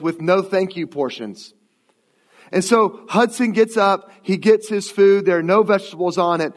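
A man in his late thirties preaching a sermon as pastor, telling stories in a conversational way. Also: high voice. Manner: conversational storytelling. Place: church sanctuary. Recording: long church hall reverb.

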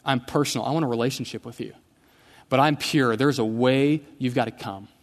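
A holy, commanding God, voiced by a male preacher speaks in firm, measured statements. The voice drops lower than the preacher's own, and a long hall reverb trails each line. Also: close to an everyday voice. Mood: solemn.

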